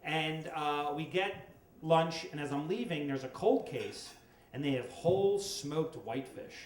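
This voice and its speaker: A middle-aged man telling a comic story on stage at a storytelling event, wry and with dramatic pauses. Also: fairly high pitch. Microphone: stage microphone. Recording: echoey live room with faint noise.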